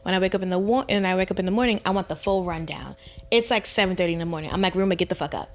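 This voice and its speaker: A young woman co-hosting a podcast, telling a story in casual chat, animated and profane, her voice jumping high when she quotes herself. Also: very fast, slight background noise. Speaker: podcast co-host.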